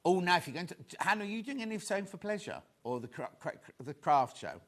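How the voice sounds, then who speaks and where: Chatty, lively man selling on air. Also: high-pitched, fast talker. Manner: chatty, excitable, rambling asides to crew. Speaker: shopping channel presenter. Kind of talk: live selling chat.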